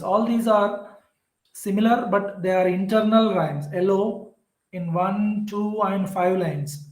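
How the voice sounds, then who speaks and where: A man with an Indian English accent giving a classroom lecture on poetry, explaining slowly and repeating example words. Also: high voice, reverberant, poor audio.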